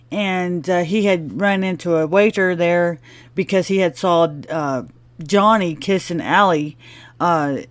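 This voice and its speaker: A woman's voice: fairly low pitch, no echo. A woman hosting a podcast who recaps a TV episode in a casual, rambling way and goes off on laughing tangents. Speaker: podcast host.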